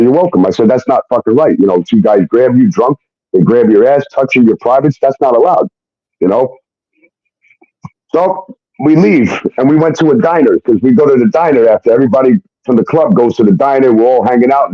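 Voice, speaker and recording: A man's voice: mid-range voice, fairly quick, no echo. A man telling a personal story in a casual, rambling way, blunt and full of fillers and swearing. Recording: muffled dry recording.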